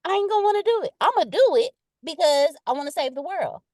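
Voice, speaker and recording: A woman's voice: very high-pitched, fast talker, no echo, studio quality. A woman speaking casually in a live leadership session, chatty and direct, reading out viewer comments with emphatic repetition. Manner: animated and playful, acts out quotes in exaggerated voices. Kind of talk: casual motivational talk.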